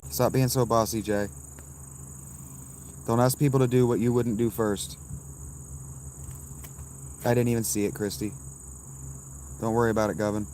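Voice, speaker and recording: A man in his thirties, live streaming from a campsite and answering his chat with blunt, dismissive, quick replies. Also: mid-range voice, fairly even intonation, darkish tone, slight background noise. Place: outdoors at a campsite.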